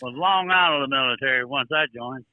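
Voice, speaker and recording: A man playing a gruff, profane older trucker caller with a Southern accent, drawling and touchy. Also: medium pitch, a little fast, no echo, natural voice. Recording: tinny phone line.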